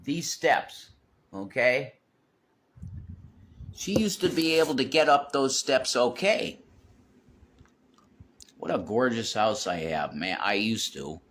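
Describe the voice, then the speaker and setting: A man's voice: lowish voice, bright, forceful tone, a little hiss or hum. A man rambling and swearing as he walks around his house, vlogging into his phone. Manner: rambling, repeats himself, swears a lot. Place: home, walking around with a phone.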